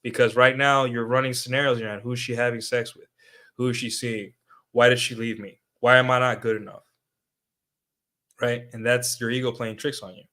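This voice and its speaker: A man's voice: medium pitch, level tone, fairly quick, bright, forceful tone. A young man giving casual livestream commentary, talking to his viewers with lots of fillers and tag questions. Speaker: streamer.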